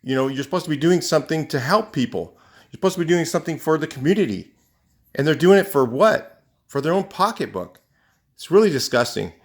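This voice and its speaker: Talking to camera, a man from California goes on an indignant, rambling rant, casual in tone and packed with fillers and false starts. He's a vlogger with a fairly high pitch, an animated delivery and a brisk pace.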